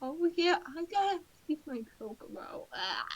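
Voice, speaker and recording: A woman's voice: high voice, very animated, measured pace, low-quality recording. A woman streamer chatting casually with a friend and her chat, playful and often mock-whining. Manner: playful, whiny mock-crying. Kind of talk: casual stream chat while gaming and drawing.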